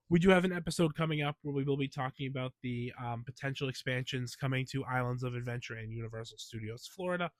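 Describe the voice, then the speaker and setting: A man's voice: medium pitch, no room sound. Stuffy-voiced man hosting a chatty podcast. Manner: chatty and opinionated, with emphatic asides. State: stuffy from a cold. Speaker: podcast host. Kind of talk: casual podcast monologue.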